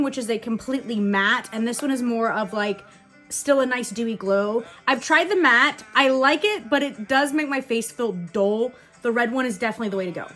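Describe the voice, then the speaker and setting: A woman's voice: on the high side, a bit bright. A young woman telling a blunt, profane story while doing her makeup in a casual get-ready-with-me vlog. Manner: quick chatty asides. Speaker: beauty vlogger.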